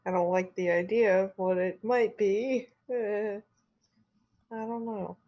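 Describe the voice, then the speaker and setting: A woman's voice: medium pitch, steady tone, slow, lo-fi sound. A woman playing a tabletop game, hesitant and wary, often murmuring as she thinks. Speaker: player. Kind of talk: casual tabletop game chat.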